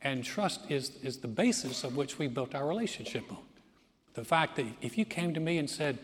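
A man's voice: mid-range voice, lively intonation, normal speed, slight background noise. A middle-aged male pastor preaching a sermon in a church sanctuary, telling funny stories and acting out other people's voices. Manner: storytelling with jokes and acted-out voices. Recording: long hall reverb.

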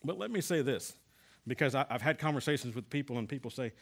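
A man's voice: mid-range voice, expressive, quick pace, creaky. A middle-aged man and Bible class teacher giving an earnest sermon-style testimony, often restarting his sentences. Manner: earnest storytelling with repeated restarts.

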